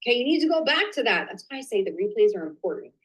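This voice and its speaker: Excitable chatty woman coaching a live stream. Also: medium pitch, very fast, slightly rough, rough recording. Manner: chatty and excitable, mutters to herself while fixing slides. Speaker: host of a live business training.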